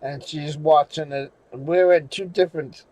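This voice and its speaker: A man's voice: fairly high pitch, steady tone, unhurried, a little mellow, no echo, low-quality recording. A man from New England telling a personal story in a rambling way, with restarts and swearing. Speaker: channel host. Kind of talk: casual storytelling monologue.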